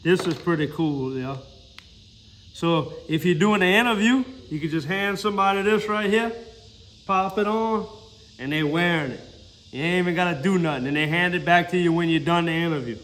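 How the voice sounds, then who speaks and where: A man's voice: a little high, normal speed, a bit bright. A man with a Mississippi accent doing a casual product review in a hot mechanic shop, talking folksy and straight to his viewers, recorded on a phone's built-in mic.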